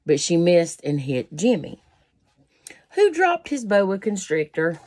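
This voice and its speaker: A woman's voice: fairly low pitch, wildly swooping pitch, takes it slowly, a little mellow. A woman reading a children's picture book aloud, breaking off for folksy asides to her listeners. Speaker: storybook reader.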